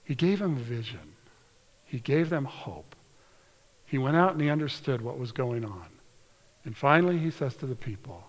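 A man preaching a sermon, reading scripture aloud in an earnest way and slowing down or dropping to a hushed whisper for emphasis. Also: mid-range voice. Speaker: pastor. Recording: long hall reverb.

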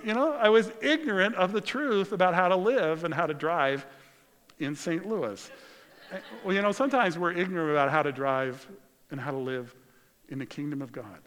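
Male pastor, conversational storyteller, slightly high voice, long church reverb. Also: normal speed. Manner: conversational, storytelling, swings from loud to very quiet. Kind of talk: sermon.

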